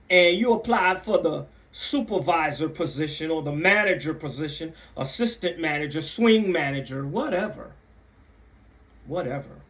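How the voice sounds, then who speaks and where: A chatty man telling a story. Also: fairly bright tone. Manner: conversational, repeats phrases for emphasis; acts out other people's voices with big pitch jumps. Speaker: channel host telling a story. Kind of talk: casual storytelling to camera.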